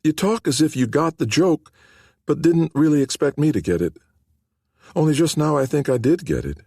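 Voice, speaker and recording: A husky-voiced man voicing a shy, frail young woman who speaks softly and with wonder. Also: fairly high pitch, lively intonation, moderate pace, no echo, studio quality, pitched above the performer's own voice, full character voice.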